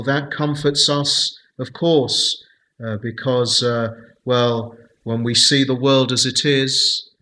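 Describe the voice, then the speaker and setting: A man leading a Bible study, speaking slowly and deliberately with many hesitant fillers. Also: mid-range voice, bright, forceful tone, poor audio.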